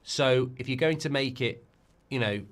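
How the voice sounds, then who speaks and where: A middle-aged host with a mid-range voice keeps a moderate pace through a live football watchalong. He is excitable and rambling, often starting over and repeating words.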